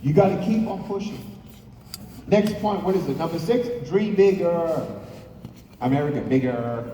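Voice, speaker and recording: A man delivers a motivational stage speech, emphatic and repetitive as he fires up the crowd in front of him. His fairly high, warm voice moves at a normal speed, captured by a distant mic in an echoey hall with the audience audible and a little hiss or hum.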